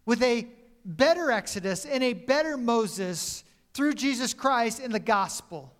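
An unhurried male pastor with a very high-pitched voice and lively intonation preaches. He shifts between loud, emphatic lines and quiet phrases that drop off, at times correcting himself mid-sentence.

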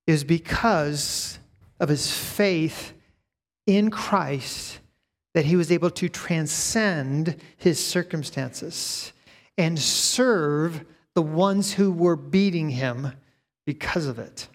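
A man preaching from the pulpit, his voice sitting a little high. He teaches in a measured way and then builds to loud, rising emphasis. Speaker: pastor. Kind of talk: sermon.

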